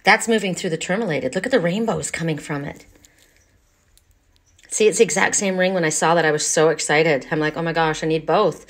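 Chatty woman with a low voice. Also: fairly quick. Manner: chatty, rambling, loses her train of thought; coos in a high baby voice to her pet. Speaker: oracle card reader. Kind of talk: casual chat to camera. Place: at home, in her bathroom.

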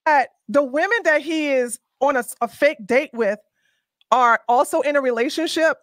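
Brisk woman host, dry close sound. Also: high voice, fairly bright tone, no room sound. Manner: brisk, takes control, repeats "hold on". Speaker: interviewer host. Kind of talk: casual interview.

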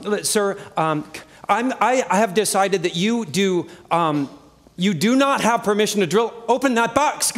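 Man from Oregon doing a one-man comedy show, high voice, frantic delivery, long theater reverb. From Oregon, USA. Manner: animated, frantic storytelling. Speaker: solo stage performer. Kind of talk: comic one-man stage monologue. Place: live theater with audience.

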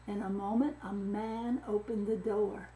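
Slow, expressive woman storyteller. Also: medium pitch, heavy background noise. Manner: expressive, engaging the listeners with questions. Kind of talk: reading a missionary story aloud to children.

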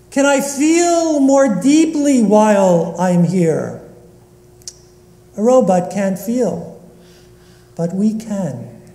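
A man giving a sermon as rabbi in a synagogue, asking slow, reflective rhetorical questions. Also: very high-pitched, mellow. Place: synagogue sanctuary. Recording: echoey long reverb of a large hall.

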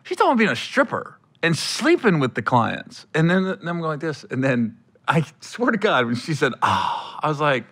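A male comedian hosting a podcast, telling stories in animated, laughing banter. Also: a little high, fairly quick.

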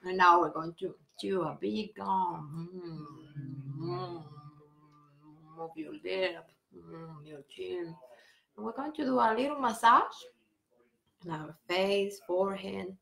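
A woman singing teacher gently guiding a vocal warm-up, step by step, with breathing cues and sung vowels. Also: lowish voice, slow, creaky, pauses often, roomy sound. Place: home room on a live stream.

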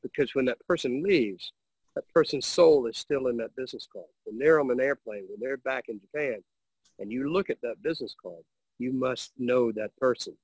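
A man's voice: medium pitch, moderate pace, darkish tone, breathy edge, dry recording, low-quality recording. A man on a webinar panel, speaking earnestly about a custom he learned abroad.

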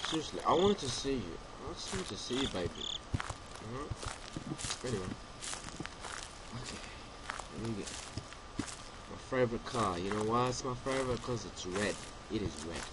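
A man's voice: medium pitch, expressive, moderate pace, pauses often. A young man playing a horror game, rambling and joking to himself and taunting the monster as he plays. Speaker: gamer. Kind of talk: let's-play commentary. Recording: home recording with loud background noise.

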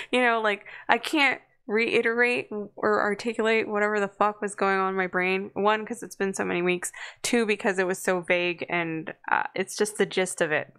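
A woman's voice: medium pitch, pushed and bright, clear, resonant tone. A woman hosting a casual livestream chat, rambling and apologetic, laughing often and swearing casually. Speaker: streamer and podcast host.

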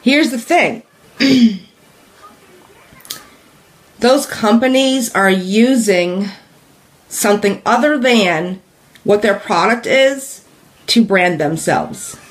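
Slow, chatty woman coaching viewers. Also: medium pitch, lively intonation. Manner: conversational, with many fillers and questions to viewers; repeats her points for emphasis. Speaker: direct sales business coach. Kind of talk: live-streamed teaching talk to viewers.

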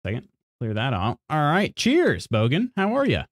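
A man's voice: medium pitch, huge pitch swings, moderate pace, dry recording, studio quality. A man streaming and chatting casually with his viewers. He rambles, apologizes, restarts sentences and laughs often as he reads chat aloud.

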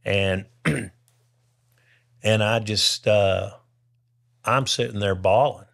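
A man's voice: fairly low pitch, very slow, vocal fry. Older man telling his testimony. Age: 60s. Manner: lively storyteller who acts out the people he quotes. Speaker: podcast guest. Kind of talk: telling a personal faith testimony.

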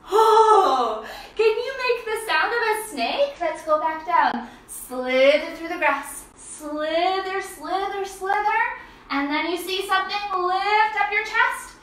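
A woman leads children through yoga poses in a high, bright voice that is slow and sing-song. She cheers and makes playful animal sounds. She sounds a little way off the mic in a very echoey room. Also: far from the mic. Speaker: kids' yoga teacher.

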